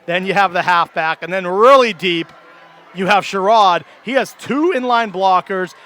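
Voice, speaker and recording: A man doing color commentary at a high school football game, breaking down formations with enthusiasm and easy chuckles. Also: moderate pace, sharp tone.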